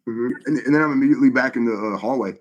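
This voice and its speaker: A middle-aged man recounts a personal experience in casual conversation, his voice sitting in a middle pitch. He talks in an animated, halting way and often restarts his sentences, with fillers scattered throughout. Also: dull audio. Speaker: guest. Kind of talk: conversational testimony storytelling.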